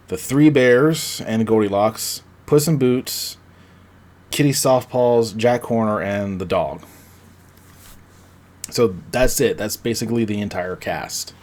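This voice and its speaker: Low-voiced man casually recapping a movie. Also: darkish tone. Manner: rambling, acts out quotes with filler words and self-corrections. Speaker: podcast host.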